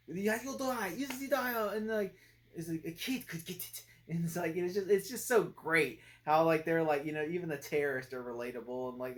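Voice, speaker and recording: A young man chatting through a movie review in a loose, rambling way, leaning on fillers and restarting his sentences. He drops into low mutters when he quotes lines. His voice sits at a middling pitch.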